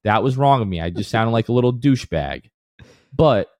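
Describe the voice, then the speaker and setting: A man co-hosting a casual sports podcast who talks in animated bursts and rants, then calls himself back down. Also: mid-range voice, fairly quick, no echo, clean studio sound. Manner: animated, ranting then apologizing. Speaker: podcast co-host.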